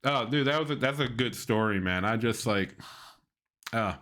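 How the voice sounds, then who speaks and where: A man hosting a podcast in casual chat, laughing often and retelling a story with animated energy. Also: medium pitch, moderate pace. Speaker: podcast host.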